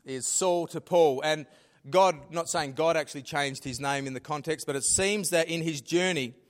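A middle-aged man preaching from the pulpit. His voice sits fairly high for a man, and he swings between loud, rising emphasis and quiet, dropped asides. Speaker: pastor. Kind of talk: sermon.

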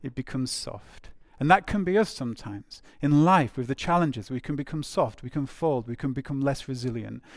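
A man delivers a sermon in a gravelly, creaky voice. He talks conversationally, circling back and repeating phrases for emphasis, with plenty of ums and uhs. The recording is dry and close, with no room echo. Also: mid-range voice, moderate pace, hardly any pauses. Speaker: preacher.

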